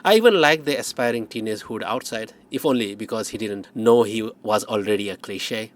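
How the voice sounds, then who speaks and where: A man narrating an audiobook in first person, wry and measured. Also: on the low side.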